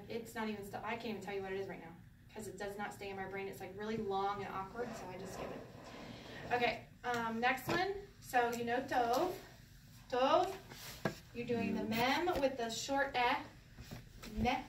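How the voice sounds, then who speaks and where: A fairly high-voiced woman leads a relaxed class, joking and laughing as she goes. She sits back from the microphone in a roomy, echoing space, with a faint hiss of room noise underneath. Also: recorded from a distance. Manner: playful, laughs often, sing-song when demonstrating. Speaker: Hebrew teacher. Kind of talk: casual classroom teaching.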